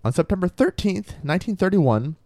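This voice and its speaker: A man's voice: high voice, sing-song, a little fast, mellow, no echo. A man co-hosting a podcast, telling a spooky true story in a casual, chatty way with frequent ums and laughs.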